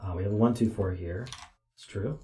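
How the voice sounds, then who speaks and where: Tired man muttering numbers, deep and dark. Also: reverberant, a little hiss or hum. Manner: slow, muttering, counting digits aloud. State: tired, yawning. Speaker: puzzle streamer. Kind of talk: thinking aloud while solving.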